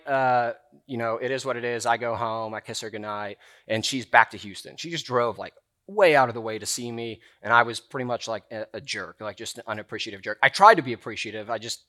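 A man's voice: medium pitch, pushed and bright. A young man preaching a sermon in a church room, telling a personal story in a casual, chatty way full of filler words.

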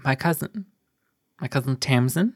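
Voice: mid-range voice, lively intonation, moderate pace, husky. A podcast host in casual chat who rambles, swears casually and trips over words.

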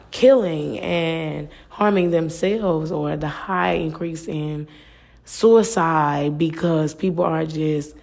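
A woman's voice: deep voice, vocal fry, a little mellow. A woman hosting a faith-based talk podcast, speaking earnestly and casually, repeating phrases and filling with "like". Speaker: podcast host.

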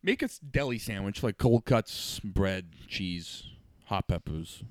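Lively, swearing young podcast guy. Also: on the low side, a little slow, no room sound, clean studio sound. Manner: loose, joking, swears freely, laughs often. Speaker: podcast co-host. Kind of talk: casual crude banter.

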